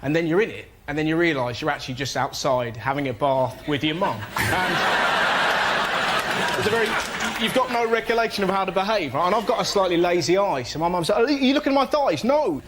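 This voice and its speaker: A young man doing stand-up on a panel show, excitable, jumping into shrill shouted impressions. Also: fairly quick. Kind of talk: stand-up comedy routine. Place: television studio with a live audience. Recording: noisy studio broadcast recording. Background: audience laughter.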